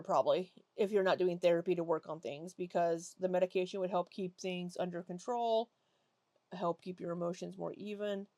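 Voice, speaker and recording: A woman's voice: fairly low pitch, a little mellow, no echo. A woman commenting on clips, giving blunt, matter-of-fact remarks. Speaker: commentary host.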